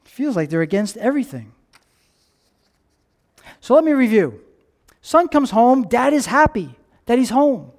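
This male pastor has a very high voice and speaks at a measured pace with long pauses. Preaching to his congregation, he tells a lively story, voices the characters' lines, and asks the listeners questions.

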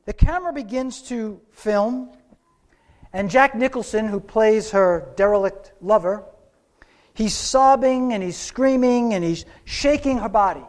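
A man preaching a sermon, telling a story with slow, dramatic pauses. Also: high voice, a little mellow.

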